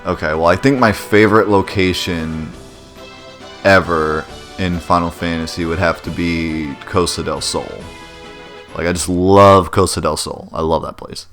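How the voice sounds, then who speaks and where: Deep-voiced man rambling over gameplay. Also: steady tone, a little slow, a bit bright, faint music behind. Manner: rambling and self-deprecating. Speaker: let's play host. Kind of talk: casual gameplay commentary.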